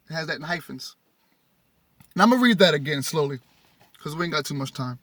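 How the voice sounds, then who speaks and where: Man, bright voice, reading aloud, preachy asides, rereads and self-corrects, dry recording. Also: fairly high pitch, animated, a little fast, pauses often, dry recording. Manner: rereads passages, stumbles and corrects himself; addresses listeners directly in casual vernacular. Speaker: spiritual teacher reading and commenting.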